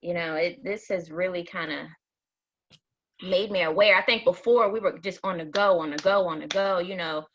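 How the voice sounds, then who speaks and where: A woman's voice: fairly low pitch, moderate pace, a bit bright. A woman speaking candidly and reflectively in a casual group chat, laughing often. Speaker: mom and educator in panel talk. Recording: dull, husky lo-fi sound.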